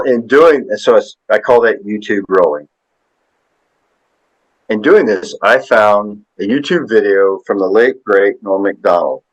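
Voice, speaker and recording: Low-ish in pitch, this sixtysomething podcast guest rambles through a folksy story, sprinkling in plenty of tag questions during casual chat. The recording quality is low.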